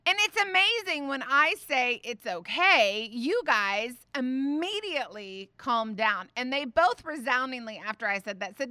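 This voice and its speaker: A woman in her thirties hosts a faith talk, telling a story with lively, rambling energy. Her voice sits a touch high and comes through smooth and bright. The sound is close and dry. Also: unhurried, few pauses, no echo. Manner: chatty, animated, many fillers. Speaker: podcast host.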